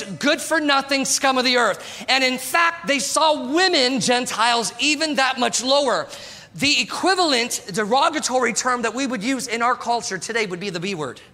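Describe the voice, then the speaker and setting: A man preaching an animated sermon, his voice sitting very high with a sharp, bright edge. He keeps calling out to the congregation as he talks. The sound rings with long reverb from a church hall. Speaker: pastor.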